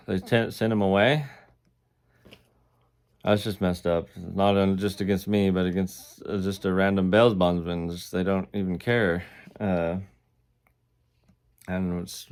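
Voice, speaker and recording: A man's voice: low-pitched, clear, resonant tone. A man telling his own story in a casual, indignant way, laughing between lines. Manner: indignant, laughs between lines, acts out the quoted officers in a raised voice. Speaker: defendant recounting his jail experience. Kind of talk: casual first-person storytelling.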